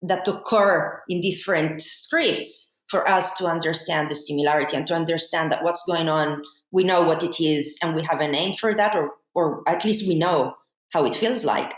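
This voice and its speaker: A woman's voice: deep voice, moderate pace. A woman, a philosophy guest on a podcast, explaining her ideas thoughtfully with frequent fillers. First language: Italian. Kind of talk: academic podcast conversation. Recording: echoey room.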